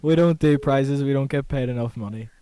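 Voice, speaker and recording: A man's voice: mid-range voice, brisk, mellow, a little hiss or hum. A man co-hosting a call-in show, joking and giggling with callers. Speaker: co-host.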